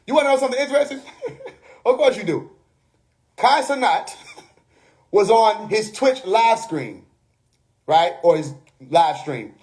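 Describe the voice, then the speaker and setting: Man, high voice, preachy livestream host, laughs a lot, keeps checking in with viewers. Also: darkish tone. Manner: preachy, laughing often, repeats "you know what I mean". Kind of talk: casual livestream monologue. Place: bedroom.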